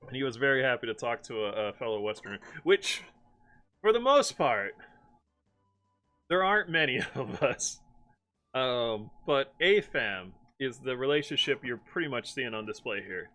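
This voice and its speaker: A man's voice: mid-range voice, big pitch swings, normal speed, bright, forceful tone, faint music behind. A young man from Maryland chatting casually on a live stream, laughing often and slipping into playful impressions as he tells stories. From Maryland, USA. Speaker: streamer host. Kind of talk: casual chat.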